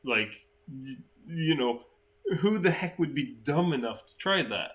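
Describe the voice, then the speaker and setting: A man's voice: medium pitch, lively intonation, unhurried, a bit bright. A man from Sweden, a native Swedish speaker, chatting casually in English as co-host, hesitant and full of fillers. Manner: hesitant, many fillers and restarts. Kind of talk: casual chat.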